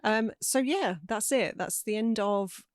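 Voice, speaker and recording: A woman's voice: fairly high pitch, unhurried, no room sound, studio quality. A woman from Northern England hosting a film podcast, chatty and teasing in casual talk. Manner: chatty, teasing, laughs easily. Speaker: podcast host. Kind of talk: casual film-discussion chat.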